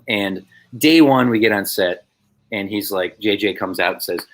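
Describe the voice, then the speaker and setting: A man's voice: fairly low pitch, normal speed. A man, a filmmaker guest on a podcast, telling a funny story in a casual way and acting out the voices of the people in it. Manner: animated storyteller, acts out voices.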